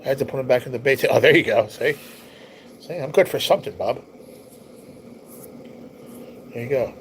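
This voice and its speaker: A man's voice: medium pitch, normal speed, poor audio. A man hosting a casual livestream, chatting in an easygoing, rambling way and reading viewer comments aloud, his nose stuffy and his voice tiring. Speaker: livestream host.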